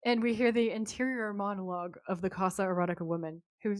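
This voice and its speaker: An American woman chatting through a TV recap as a podcast co-host. Her mid-range voice is animated and often breaks into laughter. The recording is close and dry. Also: mid-range voice, quick pace, dry recording. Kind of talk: casual recap chat.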